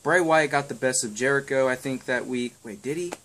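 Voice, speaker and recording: Young dude rambling about wrestling picks, crude and offhand, says um a lot. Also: male voice, medium pitch, a little fast, a bit bright, slight background noise. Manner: rambling, crude and offhand, lots of ums and swearing. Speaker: wrestling predictions vlogger. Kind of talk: casual chat.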